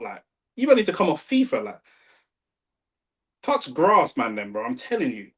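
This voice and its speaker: A young man with a London accent, talking slangy and excitable over a live football match and arguing with his chat. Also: on the high side, moderate pace. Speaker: watch-along streamer. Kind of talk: live football watch-along commentary.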